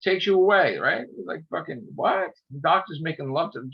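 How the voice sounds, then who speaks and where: Guy ranting and swearing a lot, bright sharp voice, kinda muffled lo-fi audio. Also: fairly high pitch, normal speed, creaky, few pauses, husky. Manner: profane, ranting, heated. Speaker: podcast host. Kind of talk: casual chat.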